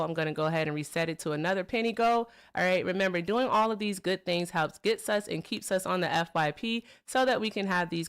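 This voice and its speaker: A woman's voice: fairly low pitch, a bit bright, clear, resonant tone. A woman hosting a live political call-in stream, chatty and upbeat, greeting viewers and callers. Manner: chatty, upbeat, says y'all. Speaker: livestream host. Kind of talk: casual livestream chat.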